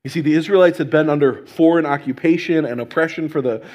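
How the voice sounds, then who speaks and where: A man delivers a Sunday sermon, his voice sitting a little higher than most men's. He talks it through casually, restarting phrases and adding "right?" to bring the listeners along. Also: quick pace, lo-fi sound. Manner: conversational preaching with fillers and restarts, asking "right?". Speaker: pastor.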